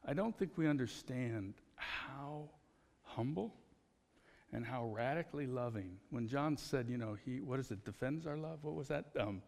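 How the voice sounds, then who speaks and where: A man preaching a conversational sermon as pastor, telling personal stories in an animated way. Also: medium pitch, moderate pace, gravelly, big-room sound.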